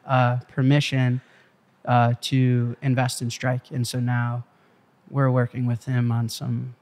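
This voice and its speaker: A man as an interview guest, telling a story with excitable, profane emphasis in a casual way. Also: medium pitch, slow. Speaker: interview guest, company CEO. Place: Malibu.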